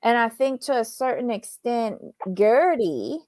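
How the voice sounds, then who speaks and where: A woman's voice: a little high, very animated, measured pace, a little mellow, no echo, clean studio sound. A woman co-hosting a TV recap show, giving sarcastic commentary in casual chat. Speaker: podcast co-host.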